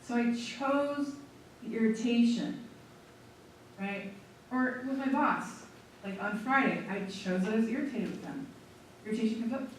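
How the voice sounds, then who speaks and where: A woman seminar leader teaching through a chatty, animated personal story, acting out her inner thoughts. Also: a little high, unhurried, long pauses. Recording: echoey room, distant mic, noisy.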